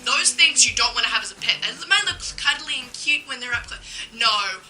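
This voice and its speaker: Chatty bright Australian young woman. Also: a little high, expressive, fairly quick, soft background music, rough recording. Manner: chatty, indignant, lots of "um" and "like". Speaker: vlogger. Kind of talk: casual vlog monologue.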